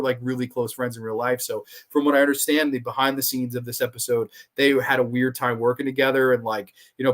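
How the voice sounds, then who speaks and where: Man, New York accent, podcast host, casual review, excitable, curses freely, mid pitch. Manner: animated, swearing, acts out quoted lines.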